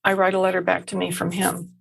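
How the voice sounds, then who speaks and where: A woman guest on a podcast, telling stories gently with frequent restarts and light laughs. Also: lowish voice, monotone, fast, vocal fry, breathy edge, poor audio. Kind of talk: conversational interview.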